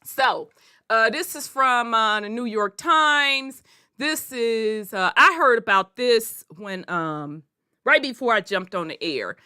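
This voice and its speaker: A woman's voice: a little high, slow pace, clean tone, dry recording, clean studio sound. A woman hosting a casual talk show, telling stories with lots of laughter and swearing, then reading news aloud. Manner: animated storyteller, laughs often, swears casually. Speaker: podcast host.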